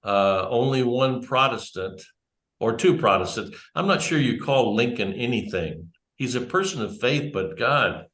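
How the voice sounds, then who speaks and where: A man's voice: medium pitch, animated, a little slow, a bit bright. Rambling man talking in a roomy church hall. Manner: rambling, digressive, self-correcting. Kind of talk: conversational church talk. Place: church room with small audience. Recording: roomy echo.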